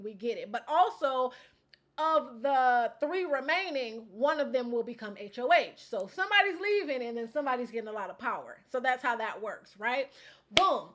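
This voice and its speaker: A young woman casually recapping her time on a reality show, animated and quick to laugh as she acts out what people said. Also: on the high side. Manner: animated storytelling, acts out quotes, laughs often.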